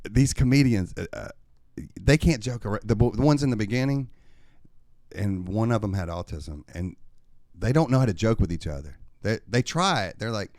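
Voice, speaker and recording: A man with a lowish voice spins animated, swear-laced stories as a comedian on a podcast. He is recorded close and dry in a studio. His delivery is loose and conversational. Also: normal speed, no room sound. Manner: animated, profane storyteller. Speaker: comedian and open mic host. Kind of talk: casual podcast storytelling.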